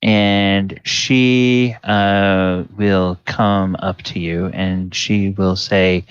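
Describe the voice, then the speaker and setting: A man narrating as game master, unhurried and full of fillers. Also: low voice, level tone, smooth, dry recording. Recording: dull lo-fi sound.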